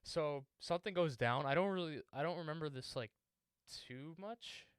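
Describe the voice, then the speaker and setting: A young man co-hosting a podcast, starting a story in a hesitant way with many fillers, often trailing off quietly. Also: a little high, moderate pace, clean tone, dry recording, studio quality. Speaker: podcast co-host. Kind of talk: casual chat.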